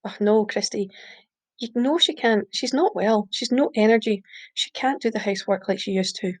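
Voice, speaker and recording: A woman's voice: medium pitch, moderate pace, darkish tone, close to an everyday voice. A woman voicing Malky, a controlling, blustering man, in a story reading. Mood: wheedling. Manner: pushy, wheedling, then growling. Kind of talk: audiobook reading.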